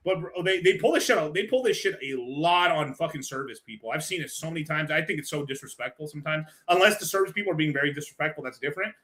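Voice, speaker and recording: A man with a bright, slightly raised voice rambles through an off-the-cuff reaction, laughing and cursing freely. His talk is loose, full of restarts and asides. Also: on the high side, fast talker, few pauses. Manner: loose, rambling, laughs often, swears a lot. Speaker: stream host reacting to a clip. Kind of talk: casual profane reaction commentary.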